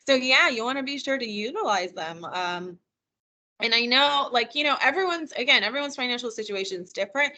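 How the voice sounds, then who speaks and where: Over a computer mic on a video call, a woman runs a live virtual financial wellness training, chatty and encouraging as she answers attendees' questions. Her mid-range voice is bright and forceful.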